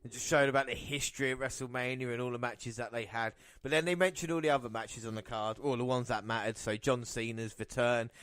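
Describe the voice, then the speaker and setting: A man's voice: mid-range voice, a bit bright, smooth, dry recording. A man hosting a podcast, chatting casually and calling match action play by play. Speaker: podcast host. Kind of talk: casual wrestling podcast commentary.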